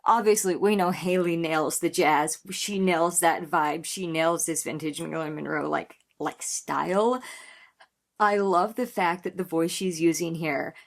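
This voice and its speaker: A woman's voice: fairly low pitch, steady tone, unhurried, gravelly. A woman in her thirties hosting a music reaction video, chatting casually and effusively with lots of "like" fillers. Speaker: reaction channel host.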